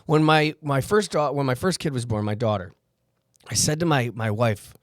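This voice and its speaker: A man co-hosting a podcast, chatting casually, animated and swearing as he tells stories. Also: mid-range voice, normal speed, dry recording, studio quality. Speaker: podcast co-host. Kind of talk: casual chat.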